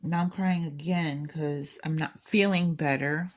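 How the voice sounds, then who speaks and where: A woman's voice: deep voice, fairly even intonation, a little slow. A woman hosting a craft channel, chatting casually and venting candidly, rambling with frequent restarts. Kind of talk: casual chat.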